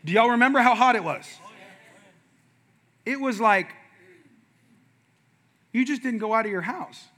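A man's voice: extremely high pitch, expressive, a little slow, pushed and bright. A middle-aged male pastor telling a funny family story in a playful, conversational sermon, calling out to the congregation.

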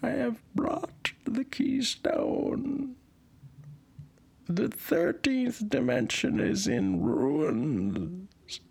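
A man voicing an otherworldly male demon in an improvised comedy bit, speaking in slow, breathy, eerie proclamations. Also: sits high, sing-song, voice pushed up, full character voice. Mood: ominous. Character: whispering male demon from another dimension.

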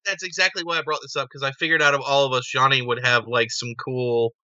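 A man in casual chat, playful and animated, often stumbling over his starts. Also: mid-range voice, quick pace, no echo, muffled recording.

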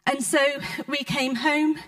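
A woman preaching in church, telling a personal testimony in a heartfelt, conversational way with frequent pauses. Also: high-pitched, fairly even intonation, fairly bright tone. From United Kingdom. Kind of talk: sermon storytelling.

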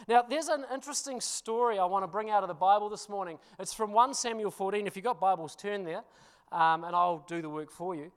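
High-voiced New pastor telling stories. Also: male voice, a little fast, clear, resonant tone. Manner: animated storytelling, self-deprecating, laughs often; addresses congregation with frequent "you know" and "hmm?". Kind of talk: storytelling sermon.

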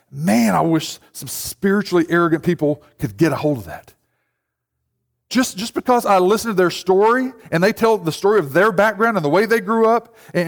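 A high-voiced pastor speaks to his congregation in a relaxed, conversational sermon, occasionally putting on the voices of people he quotes. His voice echoes with long reverb through the church sanctuary.

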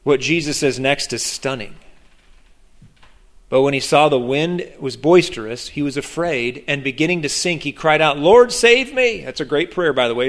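A man preaching a sermon as pastor, animated, acting out the voices of the people he quotes, often restarting his sentences. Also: medium pitch.

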